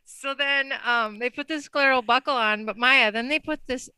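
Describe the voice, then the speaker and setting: Bright, crisp-voiced woman telling a story. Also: high-pitched, normal speed, dry recording. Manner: animated storytelling with laughs and filler "like". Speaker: podcast co-host. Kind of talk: casual chat.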